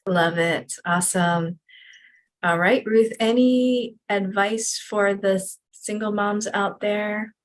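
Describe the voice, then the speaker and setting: Woman, podcast host, business coach, upbeat, encouraging, mid-pitched voice. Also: steady tone, takes it slowly. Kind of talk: interview hosting.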